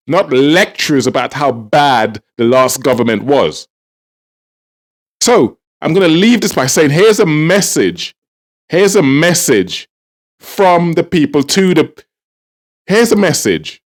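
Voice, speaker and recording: Heated man ranting. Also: fairly high pitch. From Trinidad and Tobago. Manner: heated, repetitive, exasperated. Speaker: political commentator. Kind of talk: ranting political commentary.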